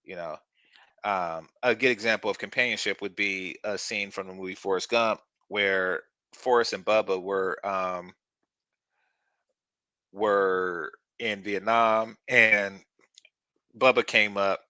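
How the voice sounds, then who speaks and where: A man's voice: lowish voice, steady tone, slow, pushed and bright, smooth, no room sound. A man hosting a reaction commentary channel, talking in a blunt, crude and mocking way.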